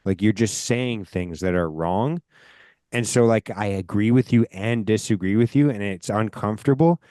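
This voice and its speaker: A man from Canada holds forth as a podcast host in casual chat, his voice sitting a little low. He rambles and swears freely, hitting words with emphasis. The sound is close and dry. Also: moderate pace, warm tone, no echo. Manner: profane, emphatic, rambling storyteller.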